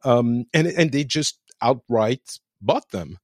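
Man, French accent, guest co-host, casual chat, hesitant fillers, lively pitch, dry close sound. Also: takes it slowly, no room sound. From France. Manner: hesitant, filler-heavy, playful. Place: home in the countryside.

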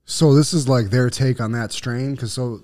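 A man co-hosting a podcast in relaxed chat, with a mid-range voice. He mostly drops in short agreeing replies and quick questions. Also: mid-range voice. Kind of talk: casual chat.

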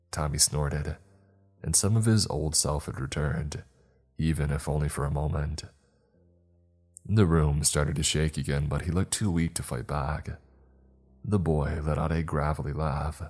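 A man narrating a horror story in a slow, grim, measured reading. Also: a bass voice, steady tone, darkish tone, breathy edge, soft background music.

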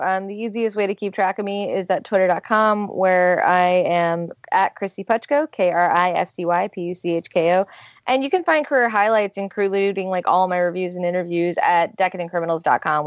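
A woman guest critic speaking in an articulate, quick way on a podcast. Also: on the low side, no room sound, lo-fi sound. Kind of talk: casual chat.

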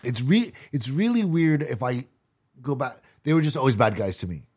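A man of middle pitch chats on a podcast in a halting way, repeating words as he gathers his thoughts. His tone stays playful and casual. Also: lively intonation, a little mellow, breathy edge. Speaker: podcast co-host. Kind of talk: casual chat.

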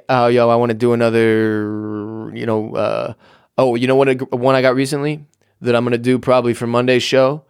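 A man's voice: mid-range voice, clear, resonant tone, no room sound, studio quality. A man hosting his own podcast alone, rambling casually and jokingly with plenty of swearing from his home office. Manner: rambling, profane, jokey. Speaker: podcast host. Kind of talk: casual solo podcast outro.

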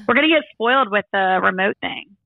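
A woman in her thirties co-hosting a casual chat podcast, a little raspy, playful and laughing as she tells stories. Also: mid-range voice, animated, a little fast, no room sound. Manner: playful, storytelling, laughs often. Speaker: podcast co-host. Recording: tinny phone-like remote line.

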